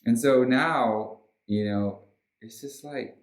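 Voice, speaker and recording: A man talks through a casual astrology forecast in an emphatic, rousing way and swears freely. His voice sits at an ordinary middle pitch. It rings with a noticeable roomy echo. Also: lively intonation, takes it slowly, a little mellow. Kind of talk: casual weekly forecast monologue.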